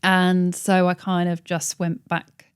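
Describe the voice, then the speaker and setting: Chatty woman, low and dry. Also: completely flat delivery, slow, smooth, no echo. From England. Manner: chatty, laughs often, acts out quoted voices. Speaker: podcast host and tailoring business owner. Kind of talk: casual interview chat. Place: office.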